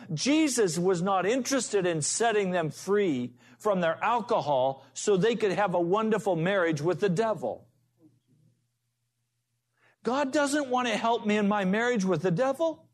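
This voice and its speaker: A man preaching a sermon as a pastor, telling folksy stories to make his point. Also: high-pitched.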